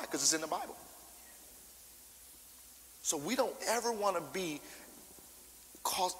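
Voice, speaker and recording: A man preaching a sermon, informal and animated, acting out scripture and calling out to the congregation. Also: a little high, long reverb tail, a little hiss or hum, rough recording. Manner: animated, acts out scripture with shouted character voices; informal, call-and-response preaching.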